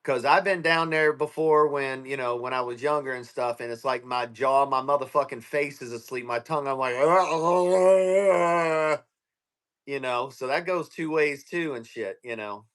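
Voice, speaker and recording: A man in crude, profane casual chat on a livestream, telling stories and acting out quotes loudly. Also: medium pitch, a little slow. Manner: profane, storytelling, loud acted-out quotes.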